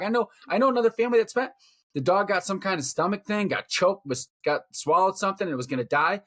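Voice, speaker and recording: A man's voice: sits high, animated, quick pace, fairly bright tone. A middle-aged man co-hosting a podcast, ranting bluntly and profanely about his opinions in casual talk. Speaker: podcast co-host. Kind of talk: casual rant.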